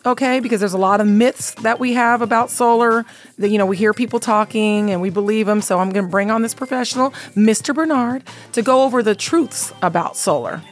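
A woman hosting a casual radio talk show, upbeat and chatty, laughing often, her voice a little worn. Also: medium pitch. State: slightly lost voice.

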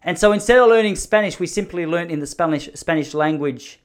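A man's voice: on the high side, brisk, clear, resonant tone. An Australian man from Melbourne giving a rambling, self-mocking comedic monologue, blunt and sprinkled with swearing.

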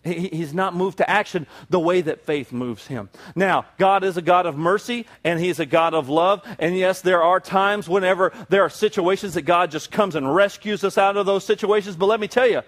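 A man's voice: high-pitched, normal speed, hardly any pauses. A male pastor preaching a sermon to a congregation, building to emphatic peaks with repeated phrases.

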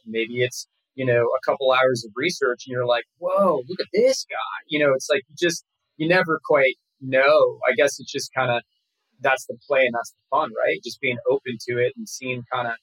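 A man talking casually as an actor guest in an interview, rambling and relaxed with many fillers and restarts. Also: medium pitch, moderate pace, husky, dry recording, poor audio.

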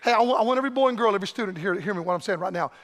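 An older man preaching a fiery revival sermon, his voice unusually high and ringing bright. He swings from shouts to hushed murmurs. The sound carries a long reverb from the church hall. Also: very fast. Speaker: evangelist. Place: church sanctuary.

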